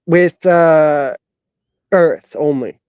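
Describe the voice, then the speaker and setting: Man, slow-talking, somewhat high voice, hesitant, halting, dry dull lo-fi stream audio. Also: darkish tone, clean tone, no echo. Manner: hesitant, halting, many fillers and restarts. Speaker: co-host. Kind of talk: casual online chat show.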